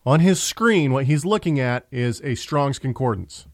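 Homem de voz rouca e grave. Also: male voice, medium pitch, expressive, a little slow, no echo. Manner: conversational, frequent restarts. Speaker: host. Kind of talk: casual religious discussion.

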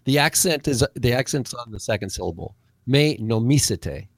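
A man with a gravelly, creaky voice talks casually as a Greek teacher, correcting details in a careful, halting way. His sound is dry and close to the mic. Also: mid-range voice, lively intonation, fairly bright tone, no room sound. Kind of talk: casual discussion.

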